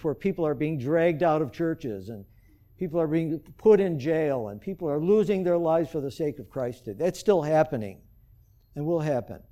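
A man's voice: fairly high pitch, dark tone. A man preaching a sermon to his church as pastor, earnestly asking the congregation rhetorical questions.

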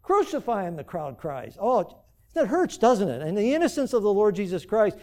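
A man's voice: high voice, big pitch swings, moderate pace, mellow. A man preaching a sermon to his church as pastor, earnestly asking the congregation rhetorical questions.

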